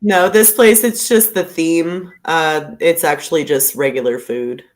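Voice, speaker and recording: A woman's voice: low voice, a little slow. A woman in a casual group chat who laughs often and answers with short agreements.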